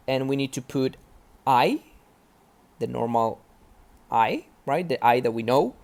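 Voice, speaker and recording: Slow, lively-voiced teacher explaining grammar. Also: male voice, fairly high pitch. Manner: explains step by step, often checks with "right?". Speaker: English teacher. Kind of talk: classroom grammar lesson.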